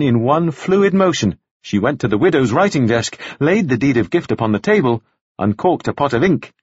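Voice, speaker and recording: A man narrating a novel in a measured, expressive reading. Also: mid-range voice, slightly rough, no echo, muffled recording. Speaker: audiobook narrator. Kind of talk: scripted narration.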